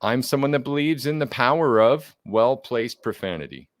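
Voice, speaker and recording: A man's voice: medium pitch, expressive, normal speed. A man co-hosting a podcast in casual chat, upbeat and joking, a little self-deprecating. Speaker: podcast co-host.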